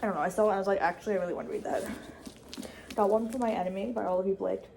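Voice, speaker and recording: Young woman chatting at college vlog-style, mid-pitched, chatty w/ restarts, faint hiss behind. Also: gravelly. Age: young adult. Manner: chatty, with restarts and quick asides. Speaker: college student vlogger. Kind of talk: casual vlog chat. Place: dorm room.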